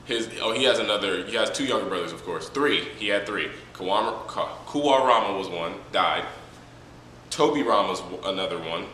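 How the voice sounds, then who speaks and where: A man's voice: sits low, bright, forceful tone, far from the mic, a little hiss or hum. Rambling joking man in an echoey room. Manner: rambling, joking, many fillers. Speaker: manga reviewer. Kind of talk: casual spoken review.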